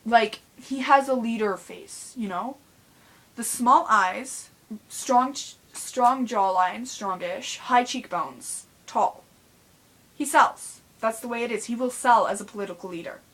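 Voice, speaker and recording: A woman's voice: a little high, a little slow. A young woman rambling frankly in a casual vlog, full of fillers and blunt asides. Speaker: vlogger.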